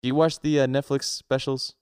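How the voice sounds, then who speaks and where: A man's voice: mid-range voice, level tone, brisk, darkish tone, clean tone, dry recording, clean studio sound. A young man co-hosting a podcast in casual chat, loose and self-mocking, swearing freely. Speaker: podcast co-host.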